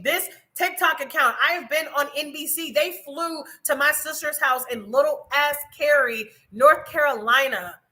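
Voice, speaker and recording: A woman, giving a loud, preachy motivational talk straight to her viewers on a livestream from home. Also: sits high. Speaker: travel content creator. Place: home in Colombia.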